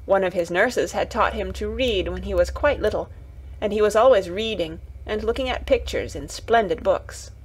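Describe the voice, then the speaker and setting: A woman narrating a classic children's novel as a calm bedtime story. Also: medium pitch, slightly rough.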